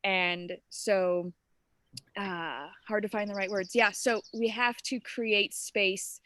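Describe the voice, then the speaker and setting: A woman of middle pitch talks straight to her group in a casual, heartfelt way, tossing in fillers and asking them questions. Faint birdsong and light background noise sit behind her voice. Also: steady tone, takes it slowly, fairly bright tone. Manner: casual, earnest, talks directly to participants with many fillers. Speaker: spiritual transformation coach. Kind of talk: live group coaching session.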